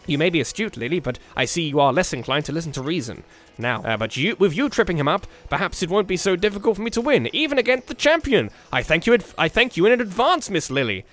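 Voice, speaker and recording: A man's voice: high voice, sing-song, fast, fairly bright tone, soft background music. A man reading out the lines of a smug, scheming male traitor in a video game, in a suave, self-satisfied tone.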